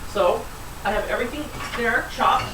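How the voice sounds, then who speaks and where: A woman's voice: a little high, expressive, moderate pace, background noise. Chatty woman giving a kitchen demonstration. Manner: chatty, rambling, with fillers. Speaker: cooking show host. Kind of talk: casual cooking demonstration. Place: home kitchen.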